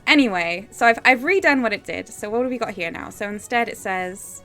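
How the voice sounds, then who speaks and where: A woman's voice: on the high side, animated, brisk, bright, forceful tone, faint music behind. A woman from the UK streaming live, chatting casually and reading comments aloud in a self-deprecating, giggly way. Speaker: streamer co-writing a story with AI.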